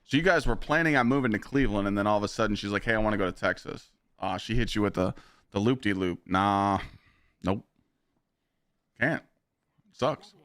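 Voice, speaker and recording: A young man streaming games, telling stories to his chat in a blunt, profane, animated way. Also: lowish voice, normal speed, pauses often, no echo, studio quality. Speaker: game streamer. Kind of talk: casual live-stream storytelling.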